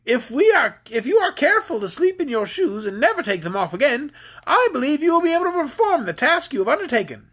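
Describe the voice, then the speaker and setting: High sweet storybook pearl spirit giving advice, a dad putting it on. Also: male voice, big pitch swings, fast, a bit bright, heavily acted. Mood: earnest advice.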